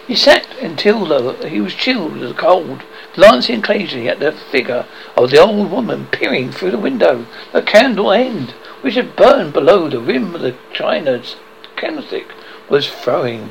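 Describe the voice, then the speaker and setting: A man narrates a horror story in a dramatic, somewhat halting read. His fairly high voice has a gravelly rasp. His pitch moves a lot as he tells it. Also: a little hiss or hum, low-quality recording. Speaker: horror host.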